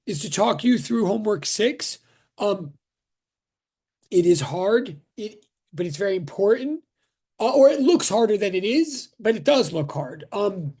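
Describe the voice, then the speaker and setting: A man's voice: high voice, darkish tone. A man teaching physics on a video call, greeting students one by one in a chatty, joking way that keeps interrupting itself. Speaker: physics professor. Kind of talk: casual online lecture greeting.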